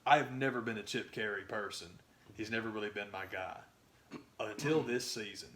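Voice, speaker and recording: A man co-hosting a podcast, chatting about sports in a rambling, excitable way that trails off and restarts. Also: on the low side, moderate pace. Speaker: podcast co-host. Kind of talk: casual sports chat.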